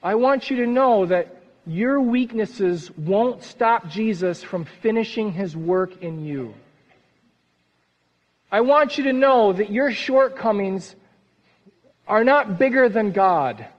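High-voiced preacher in an echoing hall. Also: male voice, slow. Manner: earnest, lively delivery that drops soft at phrase ends. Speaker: pastor. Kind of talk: sermon. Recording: reverberant hall, dull sound.

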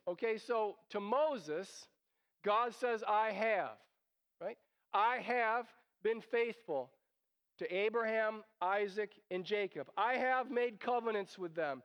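High, smooth-voiced male preacher in a hall. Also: a bit bright. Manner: conversational, explains scripture with emphatic repetition. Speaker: pastor. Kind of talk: expository sermon. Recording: long reverb of a large hall.

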